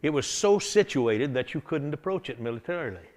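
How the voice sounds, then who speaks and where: Folksy higher-voiced male preacher. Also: brisk. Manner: folksy, animated storytelling with chuckles. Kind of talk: revival sermon.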